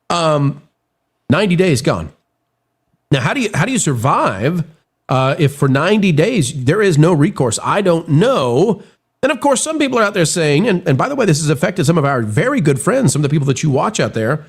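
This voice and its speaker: A man hosting a live stream, reading and commenting on news in an animated, theatrical way while getting over a cold. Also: a little high, gravelly. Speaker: show host.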